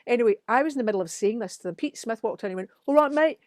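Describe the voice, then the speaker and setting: A middle-aged Scottish woman, a musician appearing as a guest, tells studio stories in casual chat, acting out the quotes with animated flair. Her medium-pitched voice comes rapid-fire, with no room sound.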